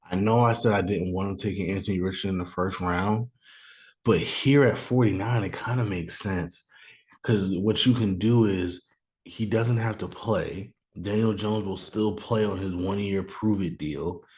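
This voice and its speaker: A deep-voiced man hosts a casual solo show from home, thinking aloud as he goes. He rambles and second-guesses himself, then bursts into mock anger. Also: moderate pace, a little mellow. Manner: thinks aloud, chatty, sudden mock outrage. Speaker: podcast host doing a mock draft. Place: room at home, noise outside.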